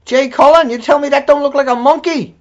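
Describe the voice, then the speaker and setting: A video blogger unleashes a furious, profane tirade, repeating himself as he rants. His voice is very high-pitched, steady in tone, and brisk. The dull lo-fi recording carries this angry monologue.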